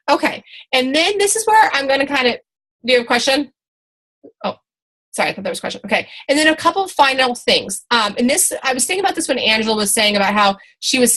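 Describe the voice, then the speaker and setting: A woman's voice: medium pitch, fairly bright tone, low-quality recording. A woman in her thirties giving a motivational team training talk, chatty and encouraging, full of fillers and restarts. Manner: chatty, encouraging, many fillers and restarts, acts out quoted people.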